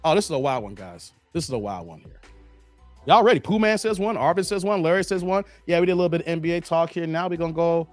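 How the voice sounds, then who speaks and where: A man's voice: fairly high pitch, fast, dry recording, soft background music. A man hosting a livestream, talking bluntly and casually to his chat. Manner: animated, blunt, talks straight to chat. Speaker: livestream host.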